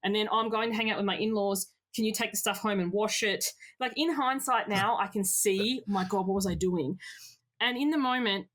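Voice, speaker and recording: A woman in her thirties or forties telling frank personal stories as a podcast guest, expressive and lively. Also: mid-range voice, brisk, hardly any pauses. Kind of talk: candid personal storytelling.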